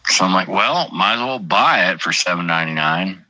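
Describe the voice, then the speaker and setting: A man's voice: low-pitched, animated, fast talker, few pauses, pushed and bright, no echo. A middle-aged man hosting a livestream, rambling and swearing casually while reading out chat names. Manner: profane, rambling, reads chat aloud. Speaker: livestream host.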